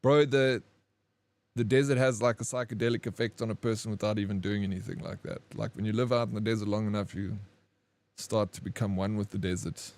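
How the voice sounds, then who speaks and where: A man streaming a game, chatting with viewers and telling a long, rambling story in a relaxed, slangy way. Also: fairly low pitch, a little fast. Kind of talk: casual chat while gaming.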